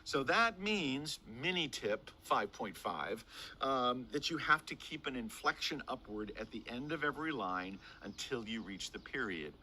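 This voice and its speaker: A man in his sixties, an acting teacher giving a lively lesson on speaking verse, demonstrating delivery and swinging his voice up and down for emphasis. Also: mid-range voice, moderate pace, slight background noise.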